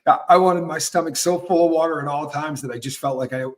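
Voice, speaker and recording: A man's voice: a little high, fast. A man hosting a casual live talk show, telling stories with acted-out quotes and frequent restarts. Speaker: host.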